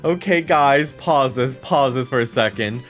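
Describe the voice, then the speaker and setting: A young adult man chatting excitedly while streaming a video game, laughing often and swearing casually. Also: mid-range voice, unhurried, soft background music. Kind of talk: casual let's-play commentary.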